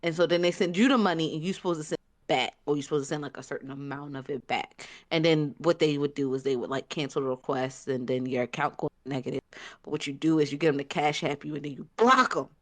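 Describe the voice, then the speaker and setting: Woman podcast co-host, somewhat low voice, chatty and joking. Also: fast. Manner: chatty and joking, trailing filler-heavy explanations. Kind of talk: casual chat.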